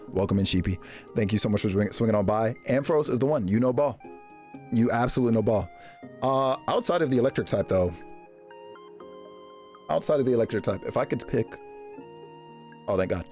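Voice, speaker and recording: A man streaming live, chatting casually with his viewers and reacting to them in a jokey, animated way. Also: brisk, long pauses, soft background music. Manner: animated, jokey, reacting to chat with big pitch jumps and laughs.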